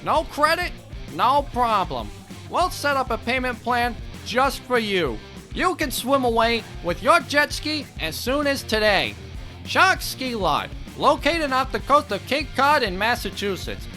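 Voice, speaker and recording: A man voicing a pushy shark who sells jet skis, in a loud hard-sell radio ad. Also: very high voice, big pitch swings, a little slow, soft background music, full character voice. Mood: salesy. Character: pushy shark jet ski dealer, male, older. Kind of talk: comedic radio ad.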